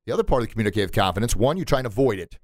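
A man who runs a martial arts school, hosting a motivational podcast with an animated manner, acting out voices and laughing at himself. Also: lowish voice, racing, dry recording, studio quality. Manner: animated, acts out quotes and sounds, laughs at himself.

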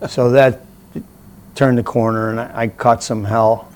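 Speaking slowly at a medium pitch, a middle-aged interview guest animatedly recounts a story in a casual way, performing the voices of its characters.

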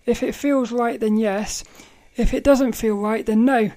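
A woman hosting a casual solo podcast, telling a story in a rambling, animated way, often laughing and restarting her sentences. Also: on the high side, measured pace. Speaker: podcast host.

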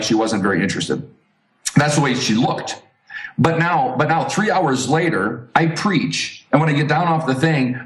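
Animated man telling a story, roomy sound. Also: medium pitch. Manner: animated storytelling, many restarts. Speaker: street evangelist guest. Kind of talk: storytelling in a podcast interview. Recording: roomy echo.

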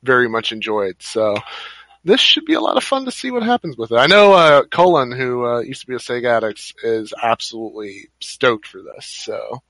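A man co-hosting a casual gaming podcast, excitable and quick to laugh. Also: medium pitch, no room sound, low-quality recording. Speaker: podcast co-host.

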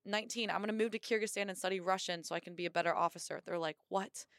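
A young American woman, a Marine officer and athlete, telling her story in a casual podcast interview with lively energy and acted-out quotes. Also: mid-range voice, very fast, dry recording, studio quality. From United States. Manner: energetic, upbeat storyteller who acts out quotes.

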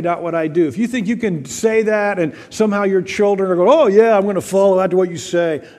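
Guy preaching, kinda high voice, earnest, long hall reverb. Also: a little mellow. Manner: earnest, repeats words, slows for emphasis. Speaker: pastor. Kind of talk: sermon.

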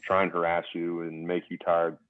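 Very deep-voiced man on a tinny line. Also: moderate pace, no room sound. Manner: relaxed storytelling with fillers. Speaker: guest, former pro basketball player. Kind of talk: casual podcast interview. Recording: tinny phone-like remote line, dry.

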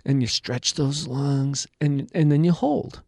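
Measured male explainer, mid-pitched, dry close mic. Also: creaky, darkish tone, no echo. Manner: slow, measured, instructive. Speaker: guest expert on stress. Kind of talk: calm explanatory chat.

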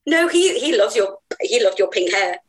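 A woman's voice: medium pitch, very animated, normal speed, a little hiss or hum, low-quality recording. Earnest woman guest telling her story. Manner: earnest, heartfelt, laughs easily. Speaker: podcast guest. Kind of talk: personal storytelling in an interview.

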